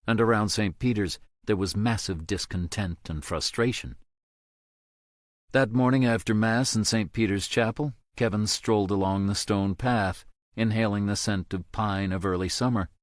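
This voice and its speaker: A man narrating an audiobook in a steady, measured way. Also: fairly low pitch, no room sound, clean studio sound.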